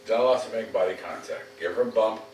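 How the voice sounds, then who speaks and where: A man with a lowish voice gives blunt, coaching advice as a dog trainer. He sounds set back from the mic in an echoey room, with a faint hiss underneath. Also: quick pace, darkish tone. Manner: direct, coaching, repeats "okay?" for emphasis. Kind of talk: casual instruction at a home visit. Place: home room. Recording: roomy, distant camera mic, faint noise.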